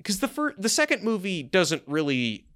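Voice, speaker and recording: A man's voice: high-pitched, huge pitch swings, normal speed, a bit bright, clean tone. A man co-hosting a casual movie podcast, joking and rambling with many restarts. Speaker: podcast co-host. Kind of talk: casual movie-review chat.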